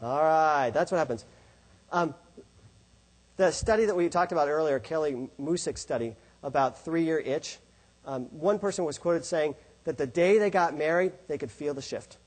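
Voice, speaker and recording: A man's voice: fairly high pitch, normal speed, low-quality recording. A middle-aged man giving a talk to an audience about love, asking questions and answering them himself. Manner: asks and answers rhetorical questions. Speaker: speaker on love and faith. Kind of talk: presentation to an audience.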